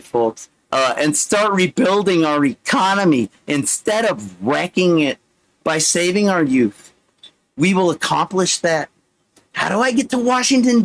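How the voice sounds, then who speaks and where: A man with chronic pain giving a rambling, emotional monologue, partly reading his own text aloud, swearing and leaping up in pitch when worked up. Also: rough recording.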